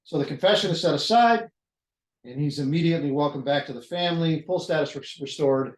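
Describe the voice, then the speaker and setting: A man's voice: on the high side, fairly quick. A man leading a Bible study, talking through the text in a conversational way, thinking aloud and restarting phrases. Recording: echoey room.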